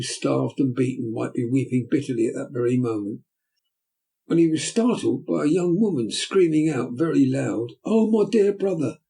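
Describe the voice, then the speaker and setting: Gravelly, dark-voiced male narrator. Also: mid-range voice, poor audio. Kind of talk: audiobook narration.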